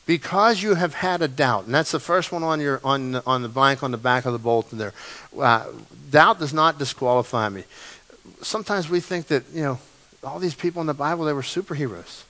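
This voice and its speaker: A male pastor preaching a sermon, telling the story dramatically and swinging between loud and quiet passages. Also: fairly high pitch, fairly quick, rough recording. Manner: animated, dramatic storytelling with big swings in loudness.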